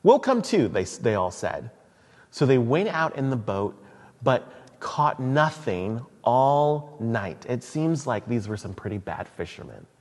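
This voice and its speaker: A male pastor delivering a sermon in a church, talking through scripture like a friendly storyteller. His voice sits at a middle pitch. Long reverb hangs in the hall around him. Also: takes it slowly. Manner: conversational, animated storytelling.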